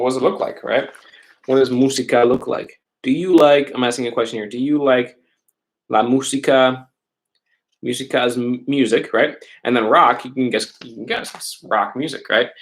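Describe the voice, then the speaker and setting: A man's voice: mid-range voice, steady tone, normal speed. A male teacher explaining worksheet examples step by step in a casual online class, often checking in with "right?". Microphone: laptop or webcam mic.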